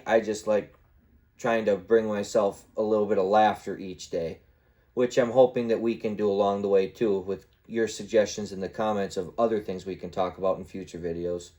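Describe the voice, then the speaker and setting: A man's voice: lowish voice, darkish tone. A young man hosting a podcast, rambling casually and swearing freely. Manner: rambling, swears freely, acts out his own gaming trash talk. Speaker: podcast host. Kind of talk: casual solo podcast chat.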